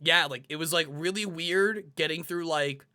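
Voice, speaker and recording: A young man with a bright, forward voice, pitched a little above most men. He tells his own story in relaxed conversation and voices his past self in lively asides. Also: moderate pace, smooth. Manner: animated, quotes himself in lively acted-out asides. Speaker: panel guest. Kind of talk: casual personal storytelling.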